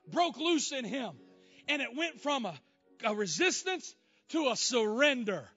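A man preaching a sermon as a story, moving between loud exclamations and hushed, emotional lines. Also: very animated, a little slow, husky, a faint crowd. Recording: muffled low-fi sound with faint music.

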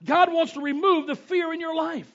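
A man, preaching a sermon with animated, homespun storytelling. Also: very high voice, normal speed. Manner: animated storytelling with down-home grammar. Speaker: pastor. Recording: dull lo-fi sound.

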